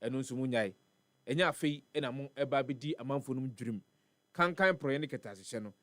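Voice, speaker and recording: Chatty Ghanaian radio host, dry studio. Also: male voice, mid-range voice, fairly quick, a bit bright, no room sound. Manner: chatty, repeats words for emphasis, laughs between lines. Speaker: radio morning show host. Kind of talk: reading weather, traffic and advice on live radio. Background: faint music bed.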